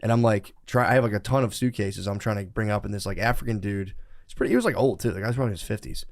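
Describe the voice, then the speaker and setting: A man's voice: on the low side, rapid-fire, creaky. A man, telling a rambling, profane story in casual podcast chat. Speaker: podcast co-host.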